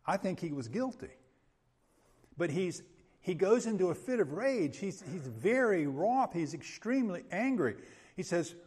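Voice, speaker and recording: Husky male preacher, swings up and down a lot, long reverb like a big hall. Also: high voice, sing-song, measured pace. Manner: emphatic, conversational, checks in with "okay?". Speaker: pastor. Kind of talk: expository sermon.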